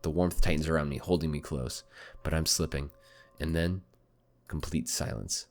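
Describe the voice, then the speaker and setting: A young man hosting a let's-play, reading a visual novel aloud and chatting excitably with lots of swearing and laughter. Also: rumbling low, normal speed. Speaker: gaming channel host.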